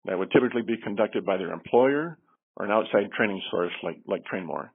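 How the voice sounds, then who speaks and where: A middle-aged man with a low, husky voice talks earnestly as a podcast guest, explaining safety training with frequent fillers and restarts. He comes through a tinny phone line. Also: expressive, brisk. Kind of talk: podcast interview answers.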